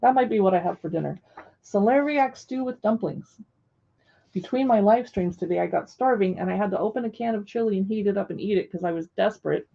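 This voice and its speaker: A woman's voice: mid-range voice, brisk, creaky, dark tone, lo-fi sound. A young woman hosting a casual live stream from home, chatting and reading recipe titles aloud to viewers. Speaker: live stream host reviewing cookbooks.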